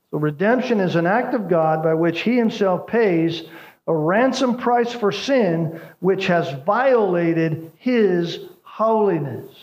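A man's voice: a little high, rough recording. A man preaching a sermon, explaining a word by repeating key phrases and asking "right?" to his listeners. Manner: emphatic teaching, repeats key phrases with tag questions. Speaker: pastor.

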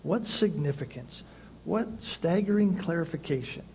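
High-voiced preaching man. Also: fairly even intonation, unhurried, a little hiss or hum, poor audio. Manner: emphatic, repeats key phrases, swings between loud and soft. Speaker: pastor. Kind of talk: sermon.

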